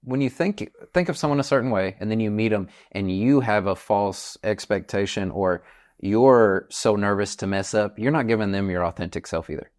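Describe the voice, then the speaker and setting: Brief: young adult male podcast host, low pitch, sincere and searching for words. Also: normal speed, a little mellow. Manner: earnest, hesitant, frequent likes. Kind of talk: casual chat.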